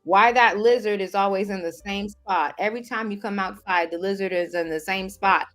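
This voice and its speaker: A woman's voice: medium pitch, normal speed, fairly bright tone, soft background music. A woman giving a spiritual motivational talk, addressing listeners in an emphatic, preacher-like way with streetwise directness and chanted repetitions. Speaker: spiritual life coach.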